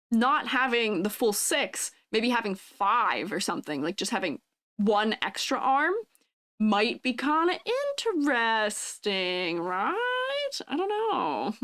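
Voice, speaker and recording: A woman's voice: fairly high pitch, fairly bright tone. A woman in her twenties chatting casually on a live stream, bubbly and giggly as she reads and answers chat. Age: 20s. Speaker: vtuber streamer.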